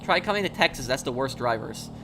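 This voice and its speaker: A man's voice: mid-range voice, expressive, fast, noisy background. A man chatting casually on a gaming live stream, telling rambling stories and answering viewers' questions. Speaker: game streamer.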